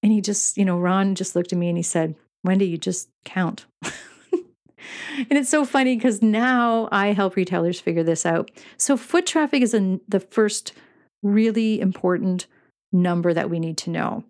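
Here a middle-aged podcast host and retail coach speaks at a moderate pace, her medium-pitched voice having a darkish tone. The monologue is casual and earnest, all about running a shop, peppered with fillers and laughter.

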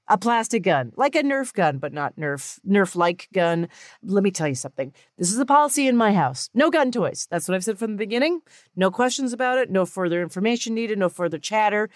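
A woman in her thirties hosting a podcast, telling a personal story in a casual, animated and candid way, with some swearing. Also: fairly low pitch, no echo, clean studio sound. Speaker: podcast host. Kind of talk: casual monologue.

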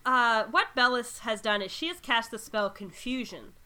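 A woman running a tabletop game as game master, narrating in an animated, rambling way and laughing often. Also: a little high, normal speed, clear, resonant tone.

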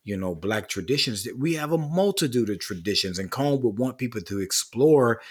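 A man's voice: medium pitch, expressive, moderate pace, breathy edge. A man speaking as a guest author in a casual interview, earnest, building long lists with rising emphasis.

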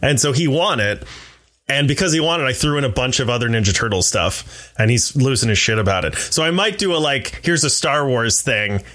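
Guy cohosting a podcast, bright voice, pitch jumps around, keeps laughing. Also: fairly quick. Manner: excited, distracted, laughs often. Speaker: podcast co-host. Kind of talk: casual chat.

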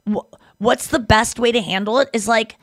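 A young adult woman co-hosting a podcast in casual chat. She tells stories in a lively way, acts out other people's lines, and swears freely. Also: a little high, normal speed, no echo, clean studio sound. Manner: animated storyteller who acts out quotes and swears freely. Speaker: podcast co-host.

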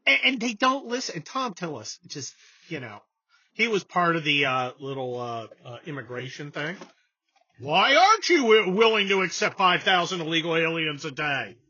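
Sarcastic man with a lively, husky voice. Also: fairly high pitch, moderate pace, no echo. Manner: sarcastic, animated, mocking impressions. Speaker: podcast host. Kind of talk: casual political chat. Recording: dull lo-fi sound.

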